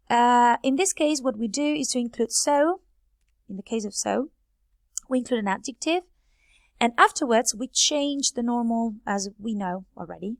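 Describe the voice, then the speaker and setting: A woman's voice: a little high, no echo, studio quality. A woman teaching English grammar, explaining step by step and reading example sentences aloud from a board. Her first language is Spanish. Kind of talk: grammar lesson.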